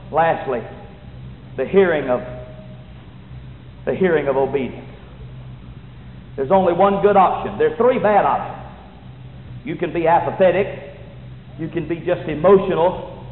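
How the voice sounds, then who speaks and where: A man preaching a sermon, fervent, swinging between shouting and hushed tones. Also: a little high, unhurried, pauses often. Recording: echoey hall, tinny phone-like sound.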